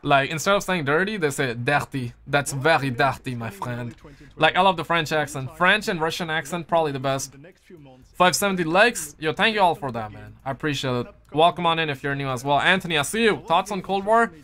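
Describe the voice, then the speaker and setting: A man's voice: fairly high pitch, animated, fast, bright, forceful tone. A man live-streaming games, chatting loosely in slang and answering his chat through a headset mic. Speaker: gaming streamer.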